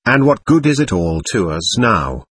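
A man voicing a thin, worn peasant mother who laments her dead son in a slow sing-song, within an audiobook reading. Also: on the low side, very animated, fairly bright tone, slightly rough, no echo, exaggerated voice. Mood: grieving.

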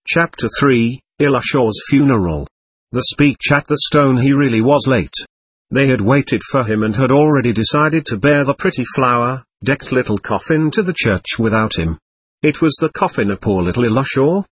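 A man narrating a novel as an audiobook, with a measured, expressive reading. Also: medium pitch, slightly rough, no echo.

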